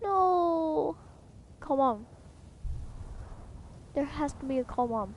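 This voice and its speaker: A woman's voice: high-pitched, lively intonation, slow pace, muffled recording. A young woman commenting on a game she plays, reacting emotionally and often pleading or exclaiming. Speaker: gamer. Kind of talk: let's play commentary. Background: game music.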